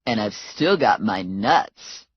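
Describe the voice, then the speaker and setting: A woman's voice: a bass voice, lively intonation, takes it slowly, slightly rough, no room sound, dull audio, voice pushed down, heavily acted. A woman voicing a laid-back young slacker man with a drawling, easygoing manner.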